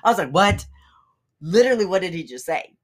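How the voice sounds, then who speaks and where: Low-voiced chatty young woman podcaster. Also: expressive, brisk. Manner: chatty and rambling, with frequent fillers and asides. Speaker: podcast host. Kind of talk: casual solo podcast chat.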